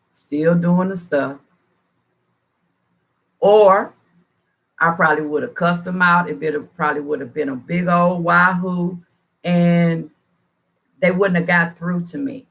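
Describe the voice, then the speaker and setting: A woman's voice: lowish voice, measured pace, gravelly, pauses often, a bit bright. A woman hosting a casual livestream, talking earnestly in a preachy, slangy way and repeating phrases for emphasis. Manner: colloquial, slangy talk. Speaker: livestream host answering viewers. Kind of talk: casual live chat, motivational testimony.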